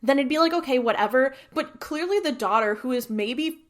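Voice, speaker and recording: A woman's voice: sits high, lively intonation, moderate pace. A woman co-hosting a podcast, bantering bluntly and jokingly while recapping an episode. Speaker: podcast co-host. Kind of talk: casual chat recapping a TV episode.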